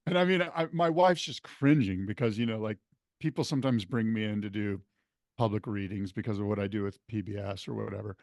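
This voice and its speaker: A man's voice: fairly low pitch, fairly quick, vocal fry, darkish tone, no echo, studio quality. A man co-hosting a podcast in casual chat, telling stories with laughs mid-sentence. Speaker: podcast co-host.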